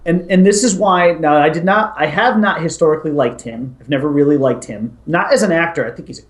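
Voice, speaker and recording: A man co-hosting a casual movie talk show, opinionated and animated. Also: a little high, a little fast, roomy sound. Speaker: podcast co-host.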